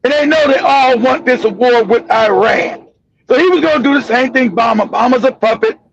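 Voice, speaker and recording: A man hosting a political commentary show, ranting angrily with profanity and bursts of shouting. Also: very high voice, fairly quick, vocal fry, slightly rough. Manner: angry, profane, shouting tirades. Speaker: host. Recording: dull lo-fi audio.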